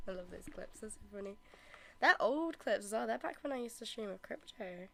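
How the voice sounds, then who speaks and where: Chatty British woman streamer, lively voice. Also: medium pitch, a little fast, noisy background. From Britain. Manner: chatty and giggly, talks to chat. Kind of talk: casual live-stream chat while gaming. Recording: clear background music. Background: music.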